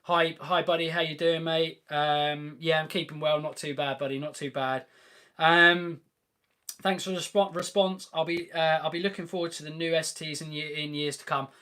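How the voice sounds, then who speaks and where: Young male host, fairly high voice, casual and upbeat car-chat delivery, lots of ums. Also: little pitch movement, normal speed, sharp tone, smooth. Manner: chatty and enthusiastic, many ums and restarts. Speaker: host of a car channel live Q&A. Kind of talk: casual live-stream Q&A chat.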